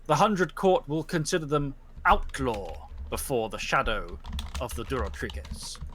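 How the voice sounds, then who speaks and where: A man voicing an imperious spirit judge who pronounces formal judgments slowly. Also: mid-range voice, a bit bright, slight background noise, close to an everyday voice. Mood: scornful.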